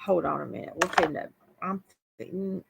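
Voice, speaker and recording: A woman's voice: lowish voice, expressive, normal speed, gravelly, very noisy. A woman hosting a live stream in casual, laid-back chat, laughing often.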